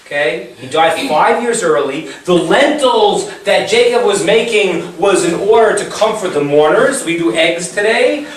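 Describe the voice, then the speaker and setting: Retelling the story in a chatty way, a Torah teacher asks rhetorical questions during an informal Bible class. His voice sits high and sounds animated, a little slow yet with hardly any pauses. Recorded far from the mic in a very echoey room, there's a faint hiss.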